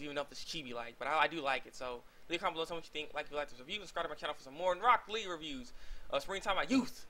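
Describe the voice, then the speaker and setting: A young man rambles through a cartoon episode recap at high speed, stumbling over restarts and fillers. His voice is bright and forceful and sits a little high. He sounds like a casual video reviewer chatting to his viewers. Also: a little hiss or hum. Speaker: anime reviewer.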